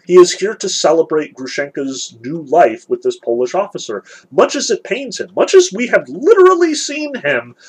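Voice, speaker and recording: Husky-voiced man lecturing on a novel. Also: high-pitched, big pitch swings, moderate pace, few pauses, low-quality recording. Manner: earnest, emphatic, frequent restarts. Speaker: literature lecturer. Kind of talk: literature lecture reading and analyzing a novel.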